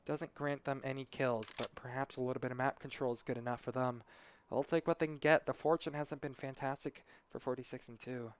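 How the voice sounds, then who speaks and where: A man's voice: mid-range voice, steady tone, brisk, clear, resonant tone. A man doing live esports play-by-play commentary, conversational and analytical, with casual asides between calls.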